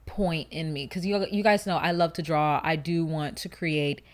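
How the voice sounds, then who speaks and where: A woman's voice: deep voice, moderate pace. Chatty slangy young woman vlogger. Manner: chatty, animated, slangy, rambling asides. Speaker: YouTuber. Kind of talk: casual chat to camera.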